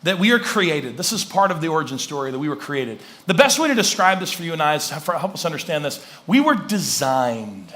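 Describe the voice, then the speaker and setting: A man's voice: fairly high pitch, fairly quick, few pauses. A man preaching a conversational sermon as a church pastor, acting out little scenes of dialogue to make his points. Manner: conversational, animated, acts out dialogue. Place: church sanctuary.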